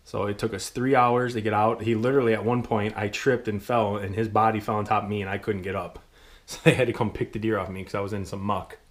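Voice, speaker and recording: Low-voiced man telling a hunting story. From Michigan. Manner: excited, rambling with frequent ums and laughs. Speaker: hunting channel host. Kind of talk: casual storytelling to camera.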